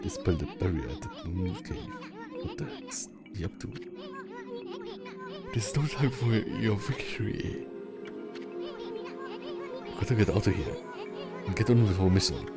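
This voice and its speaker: A man reading the lines of a tiny, brash male sidekick in a video game, cocky and scolding, over loud game music. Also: fairly low pitch, wildly swooping pitch, measured pace, pauses often, full character voice. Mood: impatient.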